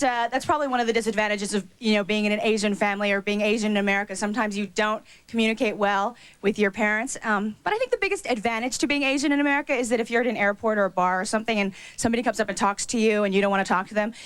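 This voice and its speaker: A woman doing a stand-up routine on stage, gossipy and quick with asides and fillers. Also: mid-range voice, smooth. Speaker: stand-up comedian.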